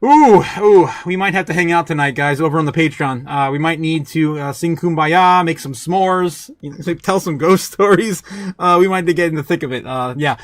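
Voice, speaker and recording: A man hosting a market livestream, excitable and quick to laugh, reading viewer chat aloud. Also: fairly high pitch, dry recording. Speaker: host.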